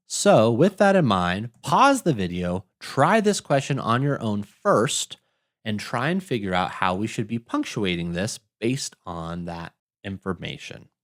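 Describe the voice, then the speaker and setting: A man tutoring test prep, talking through grammar questions in a lively teacher's tone and asking rhetorical questions. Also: fairly low pitch, no room sound, clean studio sound. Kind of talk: explaining grammar questions on screen.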